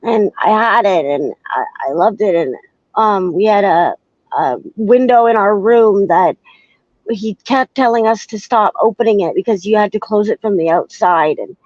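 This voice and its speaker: Halting woman on a muffled podcast. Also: mid-range voice, animated, darkish tone, dry recording. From Canada. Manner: halting, many restarts and ums, asks "right?". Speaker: podcast guest. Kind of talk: candid conversation. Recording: dull lo-fi sound.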